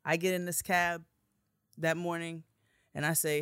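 A woman telling a story in casual chat, animated and profane, acting out heated quotes. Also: on the low side, unhurried, clean tone, no echo, studio quality. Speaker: podcast host telling a story.

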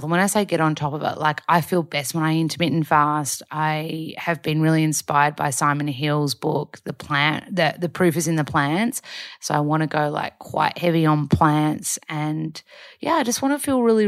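Chatty low-voiced woman. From Australia. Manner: chatty, rambling, with many fillers. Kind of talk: casual chat.

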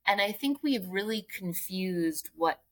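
A woman's voice: mid-range voice, expressive, unhurried. A woman guest author from Philadelphia talking about resilience in casual interview chat, earnest and explaining with frequent "right?" and "like".

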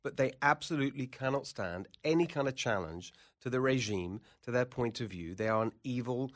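A man's voice: medium pitch, animated, fairly quick. A man giving heated political commentary as a guest, emphatic and indignant, often repeating words as he presses his point.

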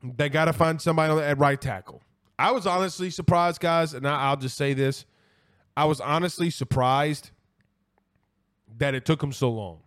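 A man hosting a casual college football live stream, reading viewer comments and giving blunt, animated opinions, often repeating himself for emphasis. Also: fairly high pitch, normal speed. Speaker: host of a college football show.

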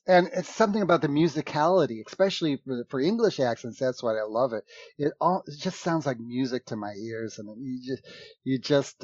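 A man who performs improv, chatting casually, animated and laughing often, restarting his sentences. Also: mid-range voice, dry recording. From United States. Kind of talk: casual conversation. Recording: dull, dry lo-fi sound.

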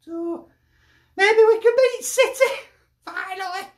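High-voiced slow-talking Lancashire woman. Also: a little mellow, echoey room. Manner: chatty, jokey, laughs often. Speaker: football fan sending in a video reaction. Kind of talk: casual video message.

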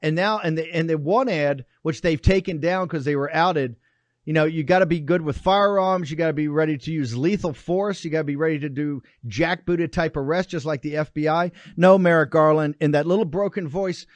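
A man's voice: a little high, brisk, dry recording. A man hosting a political show, ranting and mocking in combative commentary. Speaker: show host.

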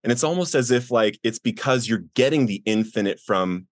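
A middle-aged man recounts his descent and recovery with raw earnestness, leaning into the quoted moments and lifting his voice to act them out. His mid-pitched voice sits dry and close to the mic, with no room sound around it. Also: animated, normal speed, no echo. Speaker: guest sharing recovery story. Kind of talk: emotional personal storytelling.

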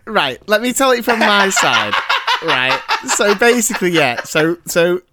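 A man's voice: high-pitched, very animated, a little slow, very noisy. A man co-hosting a podcast, a casual chat, teasing his friend and laughing often. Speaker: podcast co-host.

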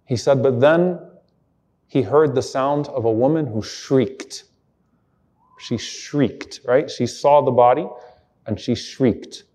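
A man's voice: medium pitch, slow, dark tone. A man giving an Islamic lecture, retelling an emotional story earnestly and quoting Arabic passages. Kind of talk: sermon-style storytelling lecture.

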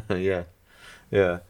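A Welsh-accented man co-hosts a podcast in a low voice. He jokes around and laughs often in easy, casual chat. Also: level tone, extremely slow, darkish tone, smooth. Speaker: podcast co-host.

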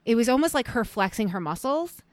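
A woman's voice: a little high, fairly quick, dry recording, clean studio sound. A woman co-hosting a podcast with her sister, chatting casually and acting out what people said. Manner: chatty, lively quoting of others. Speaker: podcast co-host. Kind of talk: casual chat.

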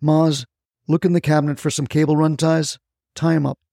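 A man's voice: on the high side, level tone, moderate pace, gravelly, warm tone, no room sound, studio quality. A man voicing a blunt, commanding male federal agent. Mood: stern.

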